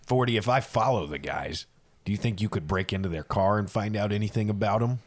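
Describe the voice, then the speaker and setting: A man's voice: on the low side, a little fast. A man playing a tabletop game, laying out a plan in a matter-of-fact way. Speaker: player.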